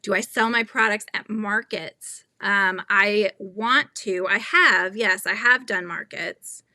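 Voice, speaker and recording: A woman hosting a casual crochet livestream, giggly, animated and chatty as she talks to viewers. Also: mid-range voice, slow pace, dry recording. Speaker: livestream host.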